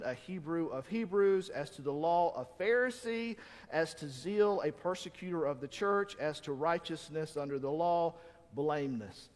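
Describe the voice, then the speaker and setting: A man preaching a sermon as pastor, animated and acting out quoted voices. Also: high voice. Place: church sanctuary. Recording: long reverb of a church hall.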